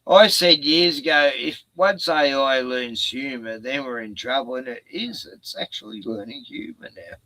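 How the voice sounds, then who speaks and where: A man's voice: medium pitch, normal speed, few pauses, pushed and bright, dry recording, low-quality recording. A man, chatting casually on a stream, laid-back, swearing often and laughing a lot. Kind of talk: casual chat.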